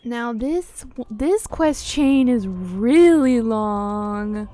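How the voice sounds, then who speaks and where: A woman's voice: fairly high pitch, animated, very slow, mellow. Playful woman streaming a game. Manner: playful, jokey, laughs at her own voices. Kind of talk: casual live-stream commentary. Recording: faint game music behind.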